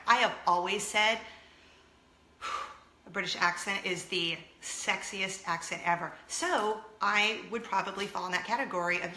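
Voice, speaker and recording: Gushy lady vlogging, bright sharp voice in an echoey room. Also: mid-range voice. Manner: bubbly, gushing, talks to viewers directly. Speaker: vlog host. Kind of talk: chatty solo vlog.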